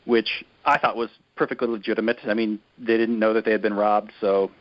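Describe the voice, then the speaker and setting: A man's voice: on the low side, flat delivery, a little fast. Man, podcast co-host, casual chat, rambling, critical, many fillers, dull lo-fi audio.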